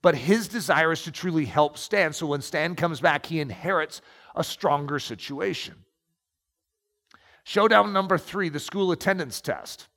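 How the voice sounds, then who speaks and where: A man's voice: a little high, unhurried, a bit bright. A man preaching and reading aloud from a book, emphatic and storytelling. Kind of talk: sermon with read-aloud passages. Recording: long echoing reverb.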